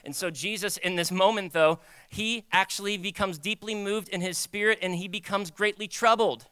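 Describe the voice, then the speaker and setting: A young man preaching a sermon in a conversational, animated way, acting out quoted voices. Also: high voice, normal speed, smooth, dry recording. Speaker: pastor.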